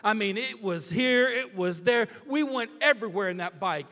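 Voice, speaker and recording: A man preaching in a large church sanctuary, his high, bright, forceful voice ringing with the long reverb of the hall. He tells a story with animated drama and keeps checking in with his listeners with "all right?" and "okay?". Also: normal speed. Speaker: pastor. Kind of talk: storytelling sermon.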